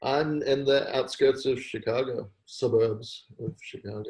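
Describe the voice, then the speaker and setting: A man's voice: medium pitch, a little slow, a little mellow, reverberant, rough recording. A man with a British accent answering interview questions casually, dry and self-deprecating, often laughing. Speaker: guest.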